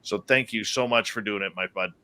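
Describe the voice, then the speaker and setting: Bright-voiced male radio host. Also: fairly low pitch, fairly quick. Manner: chatty, reads live chat aloud. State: tired, yawning. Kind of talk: casual radio chat.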